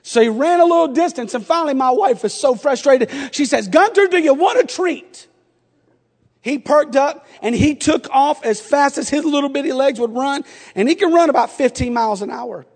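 A middle-aged man preaching a sermon, moving between quiet storytelling and shouted exhortation. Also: very high voice, fairly quick, hardly any pauses. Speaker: pastor. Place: church sanctuary. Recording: long church reverb.

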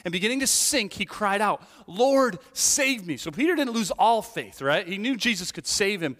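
A man preaching a sermon as a pastor, animated, moving between hushed lines and emphatic peaks, with many restarts and asides. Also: sits high, fairly quick. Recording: hall reverb.

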